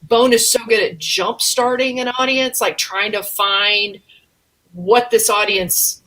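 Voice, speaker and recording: A woman comedian, telling stories in an interview with lively laughter. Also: medium pitch, slow, low-quality recording. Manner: animated, laughing while she tells stories. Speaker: comedian, guest. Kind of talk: interview storytelling.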